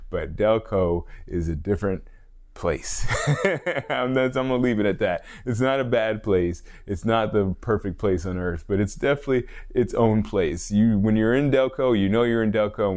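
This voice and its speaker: A man's voice: lowish voice, darkish tone. A man hosting a casual solo fitness podcast, a personal trainer who rambles, corrects himself and laughs often. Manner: rambling, self-correcting, frequent laughs and fillers.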